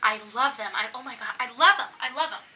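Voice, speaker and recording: A woman in her thirties co-hosting a podcast, talking loud and animated, swearing and laughing in casual chat. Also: high voice, fast talker, far from the mic, rough recording. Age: 30s. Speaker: podcast co-host.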